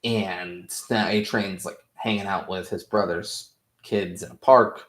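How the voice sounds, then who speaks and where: A man's voice: low voice, steady tone, unhurried, fairly bright tone, echoey room. A man casually recapping TV episodes as a review host, rambling and swearing freely with lots of "like" fillers. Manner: rambling, profane, heavy on "like" fillers.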